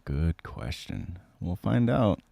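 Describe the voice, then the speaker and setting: A man with a sick-sounding voice, low-pitched and dark in tone, hosts a casual livestream, speaking slowly but expressively. He answers viewer comments with lots of ums and keeps clearing his throat.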